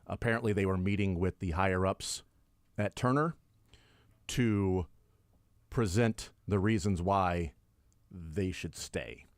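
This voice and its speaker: A male sports radio host talks casually in a dry, close studio sound. His delivery is animated and he tells stories with energy. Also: slow, long pauses, dry recording. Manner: animated storyteller, acts out quotes with big pitch jumps.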